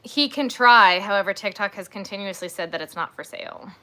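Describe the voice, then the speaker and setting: A woman's voice: mid-range voice, brisk, sharp tone. A woman hosting a crochet livestream, chatting casually and rambling, with frequent "like" and "um" and gushing asides.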